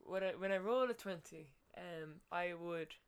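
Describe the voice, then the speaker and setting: A woman's voice: fairly low pitch, a little slow, slight background noise. A woman playing a tabletop game, chatting in a hesitant, questioning way. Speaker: player. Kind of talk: casual chat during a tabletop game.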